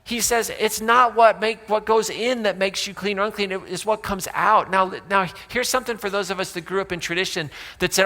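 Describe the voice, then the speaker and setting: Guy preaching a sermon, kinda high, bright, cracks jokes at the crowd, big echoey church. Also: brisk. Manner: casual and joking, with asides to the congregation. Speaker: pastor. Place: church sanctuary.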